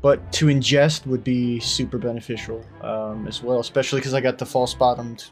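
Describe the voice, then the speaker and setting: A man's voice: medium pitch, fairly even intonation, a little fast, soft background music. Playful man at the gaming table. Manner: playful, hedging with fillers. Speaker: player. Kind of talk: casual tabletop game play.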